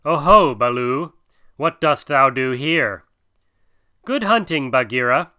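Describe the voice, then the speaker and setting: A man's voice: mid-range voice, lively intonation, takes it slowly, pushed and bright, no echo, clean studio sound. A man voicing a proud, courteous old male python in a storybook reading, with hissing, grand, old-fashioned speech.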